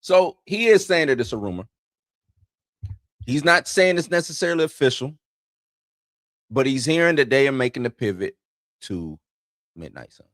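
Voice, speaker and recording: A man's voice: mid-range voice, very animated, normal speed, long pauses, fairly bright tone, no room sound, clean studio sound. A man hosting an entertainment news show in loose, slangy casual commentary, chuckling between points.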